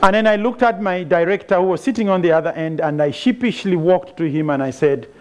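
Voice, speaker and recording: High-voiced man telling a story. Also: brisk. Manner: animated storyteller who acts out quoted dialogue. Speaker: speaker telling a personal story. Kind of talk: storytelling talk.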